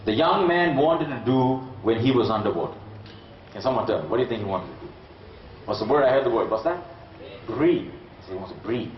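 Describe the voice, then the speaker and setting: A man's voice: medium pitch, animated, a little fast, long pauses, a little hiss or hum. Motivational speaker, man from Sri Lanka, engages the crowd with a story; caught from afar on a dull-sounding recording. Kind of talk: motivational speech to an audience. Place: large hall with an audience. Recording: echoey, distant, dull hall recording.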